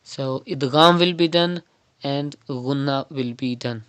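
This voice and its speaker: A man teaching Quran recitation online, explaining pronunciation rules step by step and repeating words slowly as examples. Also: mid-range voice, a bit bright, clean tone. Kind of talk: online tajweed lesson.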